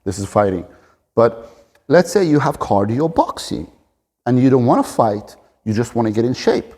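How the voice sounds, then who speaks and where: A man in his forties talks straight to camera, earnest and direct as he coaches the listener on staying fit. His voice is mellow and relaxed. The sound carries the long reverb of a big gym room. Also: mid-range voice, normal speed. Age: 40s. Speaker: fitness and fighting coach. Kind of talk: motivational talk to camera.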